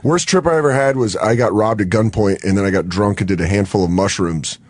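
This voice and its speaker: A young man telling a wild story on a radio show, animated and quick to act out other people's lines. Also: lowish voice, dry recording. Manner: animated storyteller, acts out quotes, laughs often. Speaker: comedian guest. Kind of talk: casual radio show chat.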